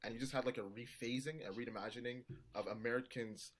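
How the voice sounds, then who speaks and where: A Canadian man co-hosting a podcast, chiming in quickly and earnestly. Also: medium pitch, steady tone, rough recording. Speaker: podcast co-host. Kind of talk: casual chat.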